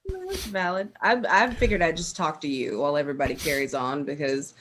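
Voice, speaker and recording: A woman's voice: low-pitched, lively intonation, brisk, fairly bright tone, a little hiss or hum. A woman playing in a live tabletop game, talking in a dry, wry way. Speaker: player. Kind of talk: casual chat during a live tabletop game.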